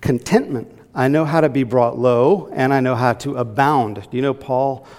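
A man's voice: medium pitch, moderate pace, a little mellow. A man teaching a Bible class to a group in a church room, talking conversationally and asking them questions. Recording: long hall reverb.

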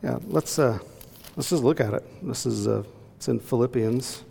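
Creaky-voiced man teaching a Bible class. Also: medium pitch, moderate pace, warm tone, a little hiss or hum. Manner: conversational, asks the group questions. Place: church room with a group. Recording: long hall reverb.

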